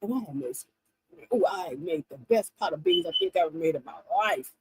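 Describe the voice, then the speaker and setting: A woman in her fifties hosting a livestream, telling funny stories in an animated, laughing way to her viewers. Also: lowish voice, fast talker, breathy edge, no echo, poor audio. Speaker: livestream host. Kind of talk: casual chat to viewers.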